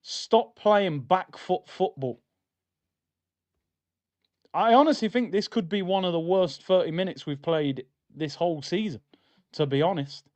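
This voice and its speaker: A man's voice: sits high, a little slow, pauses often, darkish tone. A young man hosting a live football watchalong, talking in slangy, exasperated banter about the match.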